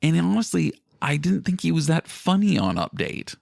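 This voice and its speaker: Gravelly rambling podcast co-host man. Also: a little high, normal speed, no echo, studio quality. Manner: rambling, animated retelling with quoted voices. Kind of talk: casual chat recapping a TV episode.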